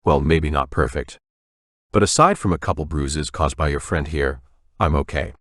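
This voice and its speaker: A man's voice: a bass voice, moderate pace, fairly bright tone, no room sound, studio quality. A man voicing a frail, cantankerous ninety-one-year-old navy veteran who grumbles and bristles at strangers. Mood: grumbling. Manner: crotchety, prickly.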